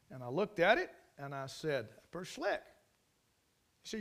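A man's voice: high-pitched, wildly swooping pitch, measured pace, pauses often, pushed and bright. A man preaching a sermon, telling stories in a folksy, emphatic way and repeating key phrases. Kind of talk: storytelling sermon.

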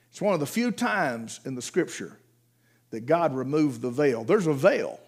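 A man preaching a sermon, telling Bible stories, acting out the quoted voices and dropping to a hush for emphasis. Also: a little high, expressive, normal speed, husky.

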